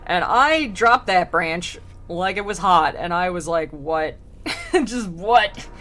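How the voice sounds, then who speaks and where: A woman's voice: fairly low pitch, big pitch swings, slow pace, a bit bright, heavily acted. A woman voicing a bewildered medieval male poet, telling what he saw in casual, incredulous slang.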